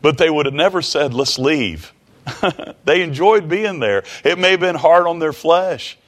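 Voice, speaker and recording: A man's voice: on the high side, normal speed. A man preaching a sermon in a folksy, repetitive way, often chuckling.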